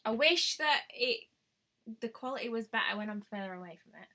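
A woman's voice: fairly high pitch, expressive, brisk, pushed and bright. A young woman chatting casually on a live stream as a beauty vlogger, thinking aloud and exclaiming often. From United Kingdom.

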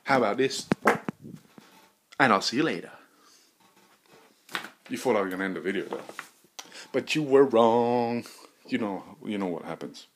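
A man rambling through a crude, joking solo monologue as a podcast host, swinging into loud bursts of mock bravado. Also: lowish voice, expressive, moderate pace, pauses often, noisy background.

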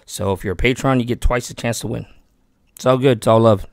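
A man's voice: mid-range voice, a little fast, vocal fry, no room sound, studio quality. A man hosting a fishing channel, chatting casually and eagerly about fishing gear and a giveaway. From Texas. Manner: chatty and excitable, talks himself out of keeping the gear. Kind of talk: casual giveaway vlog talk.

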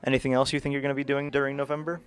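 A man's voice: medium pitch, little pitch movement, rapid-fire, clear, resonant tone. A teenage boy hosting a casual school podcast, asking short questions and teasing his guests. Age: teens. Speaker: host.

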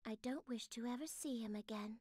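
A woman voicing an aloof young aristocrat who speaks in a calm, condescending way. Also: on the high side, a little fast, dry recording, studio quality, close to an everyday voice. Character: aloof aristocratic young lady, haughty and cool.

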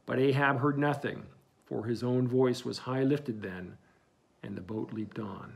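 Gravelly male audiobook narrator. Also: medium pitch, measured pace.

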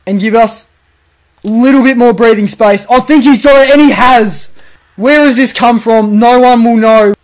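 A young Australian man calling his own football video game, jumping from quiet muttering to loud cheering when goals go in. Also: very high-pitched, normal speed. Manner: swings from muttered asides to shouted goal calls. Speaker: gaming commentator. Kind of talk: excited play-by-play over a football video game.

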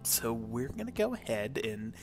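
Profane, excitable game-commentary guy. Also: medium pitch, moderate pace, faint music behind. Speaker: let's play host.

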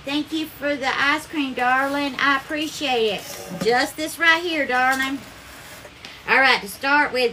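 A woman's voice: high-pitched, bright, forceful tone, a little hiss or hum. A woman with a Southern accent hosting a live cooking stream, chatting effusively and calling viewers darling as she thanks them by name. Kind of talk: casual live-stream chat and cooking demo.

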